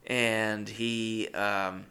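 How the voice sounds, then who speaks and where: Young male comedian, gravelly and bright, rambling self-deprecating storyteller. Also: lowish voice, flat delivery, very slow. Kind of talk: comic storytelling.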